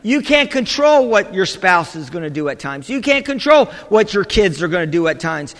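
Male pastor, sermon, very high bright voice, emphatic, church hall reverb. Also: very animated, moderate pace. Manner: emphatic, repeating "amen" to the congregation.

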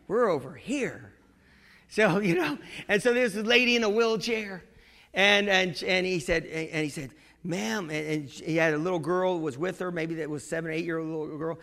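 A man preaching a sermon, moving between quiet storytelling and shouted exhortation to the congregation. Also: fairly high pitch, gravelly. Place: church. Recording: long reverb of a church hall.

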